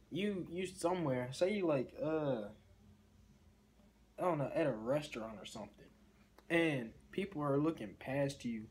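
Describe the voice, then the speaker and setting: A man's voice: fairly high pitch, darkish tone, a little hiss or hum. Blunt, swearing man reacting casually. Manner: blunt, profane, rambling asides. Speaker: reaction video host.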